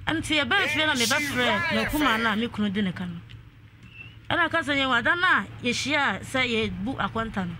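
A woman's voice: a little high, lively intonation, moderate pace, noisy background. A woman calling in to a radio show, telling a long family dispute and quoting what others said. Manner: long narration with quoted speech. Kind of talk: radio call-in storytelling.

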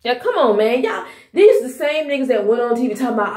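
A woman's voice: fairly high pitch, big pitch swings, normal speed, darkish tone, reverberant. A woman in her thirties hosting a podcast, delivering a heated, profane, scolding commentary rant. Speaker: podcast host.

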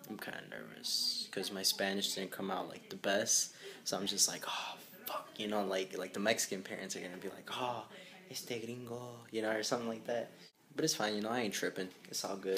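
A man's voice: sits low, steady tone, fairly quick, sharp tone. A young man and father talking casually to his camera at home in a loose, chatty way, swearing freely. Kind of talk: casual vlog chat to camera.

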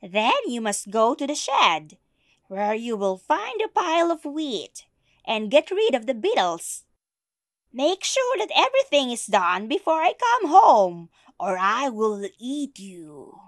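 A woman voicing a menacing old witch who threatens to eat a child, loud and commanding. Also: on the high side, huge pitch swings, takes it slowly, dry recording, studio quality, voice pushed up, exaggerated voice.

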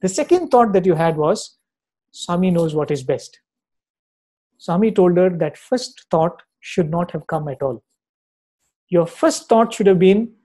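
A man's voice: high voice, animated, measured pace, dark tone, rough recording. A man, giving a devotional talk and telling stories earnestly, often checking in with his listeners. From Chennai, India. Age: 40s. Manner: earnest storyteller, often checking in with "right?" and "you know". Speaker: spiritual speaker.

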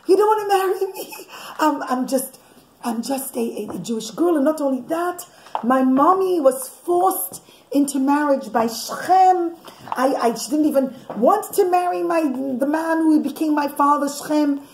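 A woman's voice: sits high, animated, normal speed, darkish tone, a little hiss or hum. A woman voicing a timid, apologetic young Jewish woman who stammers and pleads. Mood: pleading. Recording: echoey room.

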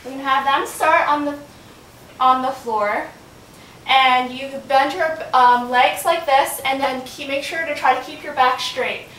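A woman's voice: steady tone, a little slow, fairly bright tone. A woman filming a casual home workout in her bedroom, chatting and talking to her baby as she exercises, getting out of breath. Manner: chatty, talks to her baby in a sing-song voice. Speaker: vlogger. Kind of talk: casual home fitness demonstration. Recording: roomy, from a distance with faint rumble.

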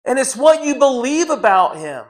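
High-voiced earnest man preaching a sermon. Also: sing-song, normal speed. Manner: earnest, storytelling with repeated restarts.

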